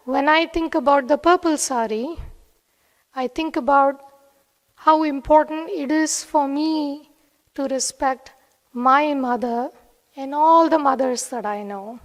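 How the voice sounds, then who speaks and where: A woman giving an earnest devotional talk, telling a personal story in a soft-spoken way. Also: sits high, slow. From USA. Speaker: devotional speaker. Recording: long hall reverb.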